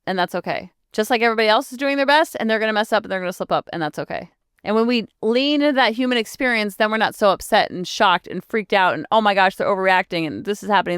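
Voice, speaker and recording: A woman's voice: fairly high pitch, a bit bright, clean tone, no echo, clean studio sound. A woman parenting coach hosting her own podcast, talking in a chatty, encouraging self-help manner. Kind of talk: casual solo podcast talk.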